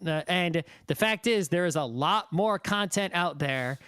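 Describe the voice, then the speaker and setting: A man's voice: high voice, lively intonation, unhurried, a bit bright, clear, resonant tone, no echo. A man co-hosting a podcast, talking in a rambling way that is full of "right?" and "you know". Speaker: podcast co-host. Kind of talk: casual discussion.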